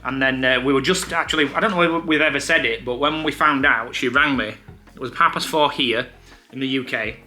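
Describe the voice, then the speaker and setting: A man's voice: mid-range voice, sharp tone. An English man chatting casually in a vlog and explaining things step by step. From England. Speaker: vlogger.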